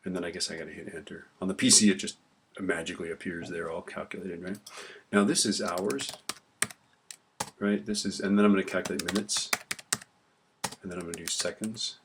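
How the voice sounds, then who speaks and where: In this screen-recorded spreadsheet tutorial, a man speaks in a low voice with fairly even intonation, talking fairly quickly but leaving long pauses. He's a teacher typing as he goes and casually asking "right?" along the way, with background noise and keyboard clicks audible.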